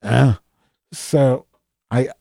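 A man with a mid-range, creaky, mellow voice drags out his words as he plays Madge, a cranky, foul-mouthed office worker, in an improvised comedic monologue. The podcast host rambles, swears and mocks himself with many restarts. The studio recording is clean with no echo.

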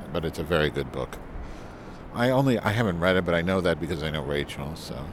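This mic test comes from a vlogger outdoors in the wind, talking into a handheld recorder with a new windscreen. He rambles, cracks crude jokes, and repeats silly phrases in an expressive, low voice at a moderate pace. Background noise is audible.

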